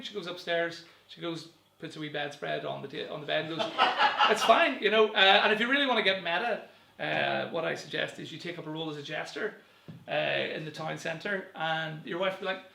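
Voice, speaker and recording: A young man works through a stand-up set to camera, rambling and self-deprecating, with lots of fillers and his own chuckles. His voice sits a bit high, with a bright edge and a gravelly rasp. The room around him is echoey. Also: slight background noise. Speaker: stand-up comedian.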